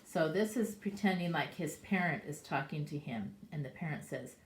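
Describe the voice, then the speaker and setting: A woman as a preschool teacher reading a picture book to young children and asking them questions, in an animated way. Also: low-pitched, moderate pace, few pauses. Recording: echoey room.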